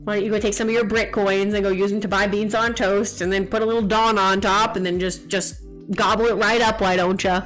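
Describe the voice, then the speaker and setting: Over soft background music, a young woman with a medium-pitched, somewhat bright voice and little pitch movement plays a game on stream. She's chatty, reads the chat out loud, and teases her viewers with fast jokes.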